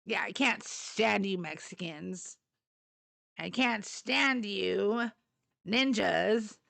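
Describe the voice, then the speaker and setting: A woman voicing a bigot who finally speaks his mind, in a slow, mocking tone. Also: medium pitch, vocal fry, a bit bright, no echo, full character voice. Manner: mocking, drawn-out. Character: bigoted man finally airing his prejudice.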